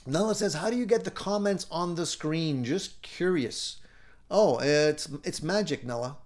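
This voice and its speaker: A man's voice: a little high, measured pace, darkish tone. Upbeat middle-aged man hosting a live stream. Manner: upbeat, encouraging, chuckles often. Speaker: live show host. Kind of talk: casual live-stream chat reading viewer comments.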